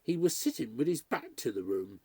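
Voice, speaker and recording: Expressive male audiobook narrator, mellow husky. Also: mid-range voice, moderate pace, no echo. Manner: expressive storytelling. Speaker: audiobook reader. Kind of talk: scripted narration.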